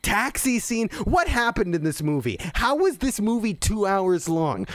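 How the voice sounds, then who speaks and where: A man's voice: sits high, big pitch swings, measured pace, hardly any pauses, fairly bright tone, no room sound. A man hosting a podcast, ranting and swearing in exasperation as he reacts to a movie into a desk microphone. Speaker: podcast host. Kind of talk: profane movie-reaction rant.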